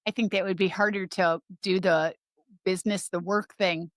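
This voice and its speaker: A woman's voice: medium pitch, fairly even intonation, moderate pace, no echo, studio quality. A woman guest on a podcast, chiming in with brief remarks in a chat. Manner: brief interjections.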